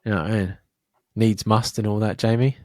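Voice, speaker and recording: A young man co-hosting a podcast, telling stories in a sweary, animated way. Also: on the low side, fairly quick, no echo, clean studio sound. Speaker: podcast co-host. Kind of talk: casual podcast chat.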